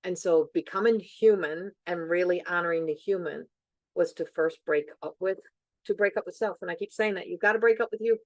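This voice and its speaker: A woman's voice: lowish voice, brisk, dry recording. A middle-aged woman hosting a podcast, talking in an earnest, reflective way and repeating phrases for emphasis. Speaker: podcast host. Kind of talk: reflective casual chat.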